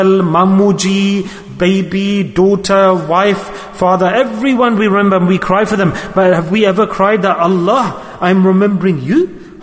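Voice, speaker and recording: A man's voice: high voice, long reverb tail. A man preaching a sermon at a mosque gathering, passionate and repeating his points as rhetorical questions. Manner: impassioned, repetitive rhetorical questions.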